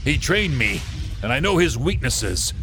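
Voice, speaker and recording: A man's voice: medium pitch, sing-song, unhurried, a bit bright, faint music behind, pitched above the performer's own voice. A man voicing a resolute young male fox warrior who vows revenge, read in a storybook. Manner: firm, defiant declarations.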